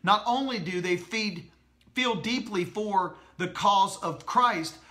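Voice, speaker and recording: A man's voice: sits high, bright, forceful tone. A male pastor reading a Christian book aloud to his congregation, stopping to repeat lines and ask the listeners questions. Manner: slow, deliberate reading with asides to listeners.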